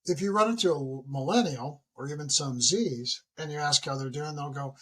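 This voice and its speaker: A man of about sixty, a retired military leader, talking as a podcast guest in a lively, storytelling way, often acting out what people say. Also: moderate pace, slightly rough. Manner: animated storyteller who acts out dialogue with big pitch jumps. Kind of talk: casual interview conversation.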